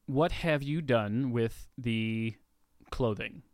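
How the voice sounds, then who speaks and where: A game master narrating a tabletop role-play with animated energy, recorded dry and close. The voice sits at a middling pitch and breaks into character lines now and then. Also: slow, dry recording.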